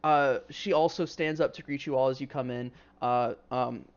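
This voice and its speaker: A man's voice: medium pitch, steady tone, moderate pace, muffled recording, a crowd in the background. A man narrating as game master in a casual, rambling way, full of fillers and the odd swear word.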